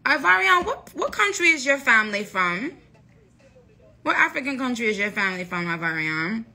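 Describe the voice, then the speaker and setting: Bright-voiced woman chatting on a livestream. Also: a little high, expressive, moderate pace. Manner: playful, chatty, addresses viewers by name. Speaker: livestream host. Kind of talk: casual livestream chat.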